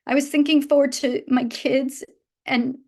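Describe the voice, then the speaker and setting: A woman in her fifties addresses her business team at a live event with a slightly high voice. She speaks earnestly and from the heart, often breaking off and restarting her sentences. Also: level tone, measured pace, a little mellow. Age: 50s. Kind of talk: motivational talk to a live audience. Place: event room with a live audience.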